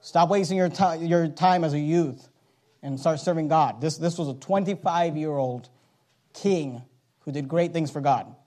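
Man, preacher, high voice, emphatic sermon, loud slowed scripture reading. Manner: reads King James scripture aloud, slowing for emphasis.

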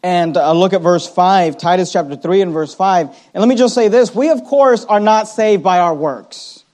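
A man preaching a sermon as pastor, reading scripture aloud and slowing down to stress key words. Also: sits high, darkish tone. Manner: reads scripture aloud, slows down for emphasis.

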